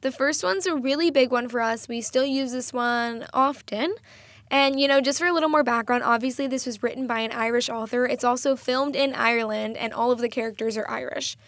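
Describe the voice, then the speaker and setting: A young woman talks through her own solo podcast in a chatty, enthusiastic way, often laughing at herself. Her voice sits a little high, and the sound is close and dry with almost no room around it. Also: fairly quick, fairly bright tone, no room sound. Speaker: podcast host.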